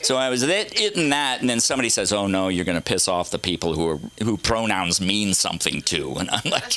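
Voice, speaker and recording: A man's voice: on the low side, sing-song, fairly quick, few pauses, pushed and bright. A middle-aged man doing a rambling, profane, self-mocking stand-up set on a comedy club stage.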